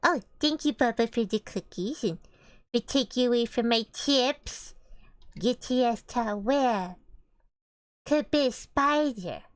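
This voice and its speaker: A woman's voice: on the high side, lively intonation, takes it slowly, dry recording. A young woman joining a stream, chatting casually in a teasing, playful way. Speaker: streamer's housemate guest. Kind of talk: casual chat.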